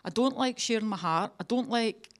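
A woman's voice: on the high side, normal speed. A woman with a Scottish accent giving a personal testimony at a church meeting, chatty and self-mocking with a humorous streak. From Scotland.

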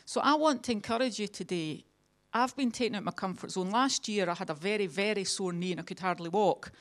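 A woman's voice: mid-range voice, fairly quick. A woman with a Scottish accent giving a personal testimony at a church meeting, chatty and self-mocking with a humorous streak. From Scotland.

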